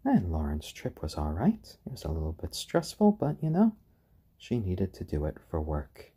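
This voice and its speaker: A man hosting a casual live stream, chatting gently and cooing to his pet birds. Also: low voice, wildly swooping pitch, moderate pace, breathy edge. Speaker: stream host.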